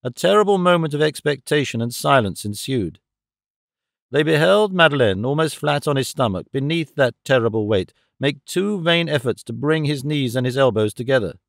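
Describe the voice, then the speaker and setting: A man reading a classic novel aloud as audiobook narrator, in a measured, steady way. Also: medium pitch, creaky, dry recording, studio quality. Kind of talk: scripted narration.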